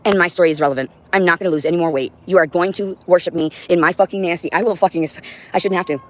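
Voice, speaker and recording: A livestream host with a lowish, steady-toned voice talks at a racing pace to her audience from home, with a cat around. Her monologue is rambling, intense and profane.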